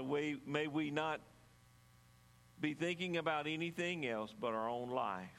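A man preaching a sermon, reading scripture aloud and then explaining it in an earnest, measured way, sometimes halting and restarting his words. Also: mid-range voice, vocal fry, a bit bright, long reverb tail. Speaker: pastor.

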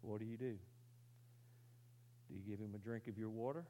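A man preaching, telling a story with dramatic swings from loud to very quiet and asking his listeners rhetorical questions. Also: fairly low pitch, fairly even intonation, fairly quick, a little hiss or hum. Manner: asks the audience rhetorical questions. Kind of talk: sermon illustration.

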